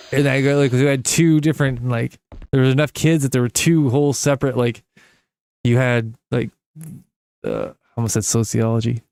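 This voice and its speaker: Rambling young man telling stories while gaming. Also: a little mellow. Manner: rambling storyteller, swears casually, quick pitch jumps when quoting people. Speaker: gaming channel host. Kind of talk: casual let's-play chat while gaming.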